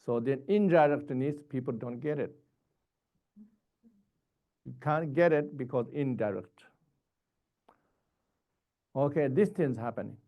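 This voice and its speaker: Slow-spoken male Buddhist teacher, halting. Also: mid-range voice, narrow, tinny audio. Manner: halting, repetitive phrasing with short broken sentences. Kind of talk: dharma teaching.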